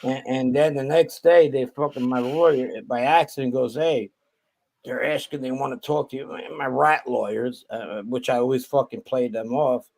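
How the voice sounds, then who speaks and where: A man's voice: mid-range voice, fairly even intonation, normal speed, gravelly, a little mellow. A man, a guest on a call-in show, telling a profane story and acting out what other people said. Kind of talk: casual storytelling. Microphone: video call.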